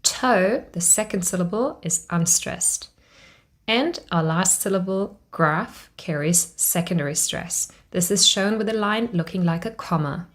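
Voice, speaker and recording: Brief: female English teacher, fairly low voice, slow and clear demonstration of examples. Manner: clear teaching delivery, drawing out example words. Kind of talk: instructional pronunciation video.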